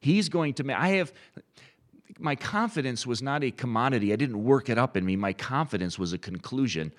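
A middle-aged man preaching a sermon, animated and storytelling, acting out quoted inner voices. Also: mid-range voice, brisk. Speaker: pastor.

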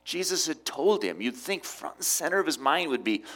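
A middle-aged man preaching a sermon, with emphatic rises and quiet drops. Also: fairly high pitch, sing-song, normal speed. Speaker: pastor.

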